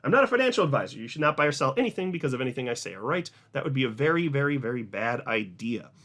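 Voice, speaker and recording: A man hosting an online video, talking excitedly and emphatically, often repeating words for stress. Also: medium pitch, quick pace. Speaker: crypto video host. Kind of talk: casual commentary to camera.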